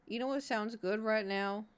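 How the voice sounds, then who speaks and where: Woman streamer, casual live chat, rambling and self-mocking, mid pitch.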